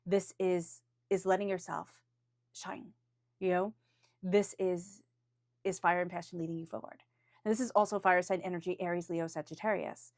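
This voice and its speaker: A woman's voice: fairly low pitch, flat delivery, moderate pace, dry recording, clean studio sound. A woman reading tarot cards for a weekly forecast, speaking off the cuff in an earnest, encouraging way. She often restarts her phrases and now and then calls on angels and spirit guides. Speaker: tarot reader.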